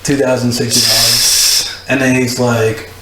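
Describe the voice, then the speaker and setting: A man's voice: mid-range voice, little pitch movement, measured pace. Young man, guest DJ, casual rambling storyteller, frequent laughs, echoey room. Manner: rambling, laughs often, full of "like". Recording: echoey room with faint noise.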